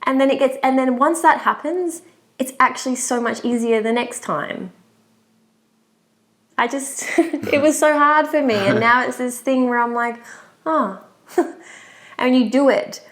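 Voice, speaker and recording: A woman's voice: high voice, a little slow, a bit bright. A young adult woman co-hosting a relationship podcast, talking openly and from the heart, often laughing. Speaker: podcast co-host, relationship coach. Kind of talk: casual podcast conversation.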